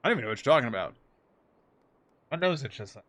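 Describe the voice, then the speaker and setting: Casual male streamer, irreverent and sweary, bright tone, lively pitch. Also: fast talker, no echo. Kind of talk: casual gameplay commentary with voiced dialogue.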